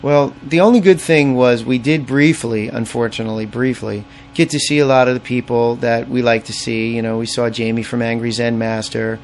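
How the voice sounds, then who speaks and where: A man's voice: medium pitch, fairly even intonation, moderate pace, hardly any pauses, slight background noise. A man co-hosting a podcast, rambling in a laid-back, casual way. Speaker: podcast co-host. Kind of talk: casual chat.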